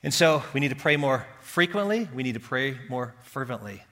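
Man preaching, passionate, goes quiet then loud, bright voice, big church reverb. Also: mid-range voice, lively intonation, normal speed. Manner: passionate, swings from hushed to loud pleading. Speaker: pastor. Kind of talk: sermon. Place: church hall. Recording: reverberant hall.

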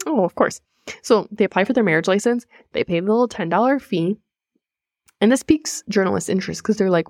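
A woman's voice: mid-range voice, a little fast, a little mellow, no room sound, studio quality. A young woman co-hosting a podcast, telling a story in a casual, laughing way and swearing freely. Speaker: podcast co-host. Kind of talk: casual chat.

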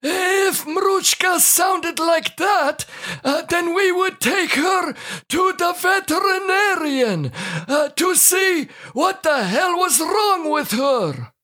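A woman voicing a bumbling married man in a scripted comedy sketch, speaking halting broken English full of "uh" fillers. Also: very high voice, lively intonation, bright, forceful tone, heavily acted. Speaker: co-host of a comedy show.

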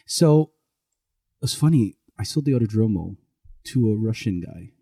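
A middle-aged man with a low, mellow voice chats casually on a podcast, rambling and correcting himself as he tells stories. The recording is dry and close. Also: lively intonation, normal speed, vocal fry, slightly rough, no echo. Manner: rambling, self-correcting storyteller. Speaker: podcast co-host. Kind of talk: casual chat.

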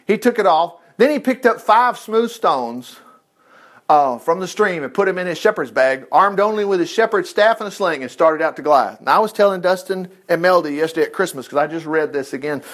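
A man leading a casual Bible study, chatty and folksy, breaking off into asides. His voice sits fairly high for a man. He retells scripture in plain, homespun words. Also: expressive, a little fast, fairly bright tone. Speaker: Bible teacher.

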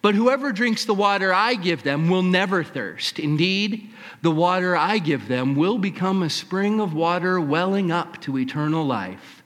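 Preacher voicing calm prophet, measured lines, echoey room. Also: male voice, sits high, voice pushed up. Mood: solemn. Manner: steady, measured declarations. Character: calm, knowing male prophet. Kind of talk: preacher acting out a scripture scene.

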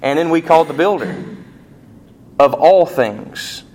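Male pastor, sermon delivery, animated, rhetorical questions, slightly high-pitched. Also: unhurried. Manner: animated preaching, rising emphasis and rhetorical questions.

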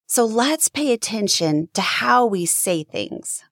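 A woman's voice: mid-range voice, measured pace, dry recording, clean studio sound. A woman hosting a faith-based podcast who teaches in an earnest, encouraging way and acts out sample phrases. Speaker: podcast host.

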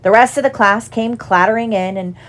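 A woman reads a storybook chapter aloud as narrator, keeping a steady, measured pace between the character voices. Her narration stays plain and even. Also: a little high. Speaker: audiobook reader.

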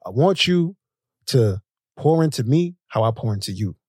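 A man guests on a casual podcast and speaks earnestly and deliberately. His voice is husky with a middle pitch, and the sound is dry. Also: very animated, darkish tone, dry recording.

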